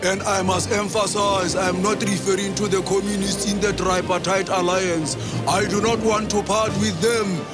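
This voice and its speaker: A man doing a brash shouting youth-league firebrand. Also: high-pitched, little pitch movement, moderate pace, loud music behind the voice, close to an everyday voice. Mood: bombastic. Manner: bombastic, shouting at the sea. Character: brash male youth-league political leader.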